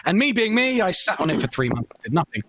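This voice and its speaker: A man's voice: high-pitched, very animated, fast talker, noisy background. A man on a podcast, a self-mocking storyteller who acts out what people said in a casual chat. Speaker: podcast co-host.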